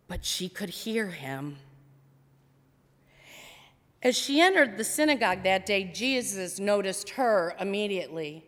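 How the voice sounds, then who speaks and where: A woman pastor delivers a sermon in a slow, deliberate storytelling manner with dramatic pauses. Her voice rings with a long reverb through a church sanctuary. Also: mid-range voice.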